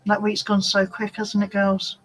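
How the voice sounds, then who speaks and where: A woman's voice: medium pitch, monotone, normal speed, rough recording. A woman hosting a casual live-stream chat from home, rambling and talking to commenters by name. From United Kingdom. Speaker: craft channel host.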